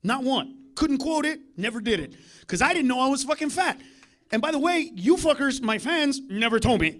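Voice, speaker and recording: A man performing a stand-up comedy set on a club stage through a handheld mic, talking in profane rants with loud bursts. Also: very high-pitched, expressive, fairly quick.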